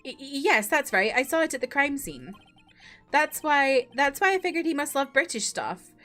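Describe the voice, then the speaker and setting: A flustered young man on trial in a courtroom video game, as a woman voices him, stammering and pleading. His voice jumps high and swings around wildly. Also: very animated, normal speed, pushed and bright, soft background music, full character voice. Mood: panicked. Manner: stammering, pleading, raised pitch. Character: nervous young male defendant, flustered and stammering. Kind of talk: voicing a video game character.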